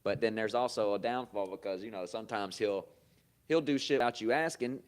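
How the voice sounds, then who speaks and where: A man hosting a podcast, telling stories in a loose, profane, animated way with frequent laughter. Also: on the low side, brisk, smooth. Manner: loose, swearing, laughs often, animated bursts. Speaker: podcast host. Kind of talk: casual profane storytelling. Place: comedy club.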